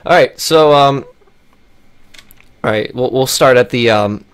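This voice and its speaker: A man YouTuber with a raspy, cracking voice, rambling through a casual vlog while he plays a game, with lots of fillers and restarts. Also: medium pitch, measured pace. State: raspy, voice cracking after a long break.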